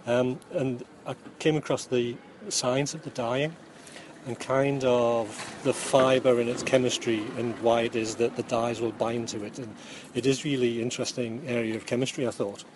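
Speaking in a Geordie accent, this middle-aged Newcastle man, once a chemistry teacher and now a yarn dyer, explains his work in a wandering, dryly funny way full of ums. The interviewer's phone catches his steady mid-range voice at a moderate pace, along with background noise.

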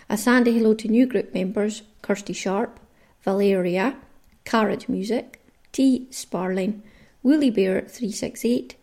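A Scottish woman from Caithness talks through her podcast in a relaxed, chatty way, with a mellow, warm voice. Her Caithness accent is clear as she runs through long lists of listener names. Her pitch sits in an ordinary middle range for a woman. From Caithness, Scotland. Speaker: podcast host. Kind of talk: casual solo podcast chat.

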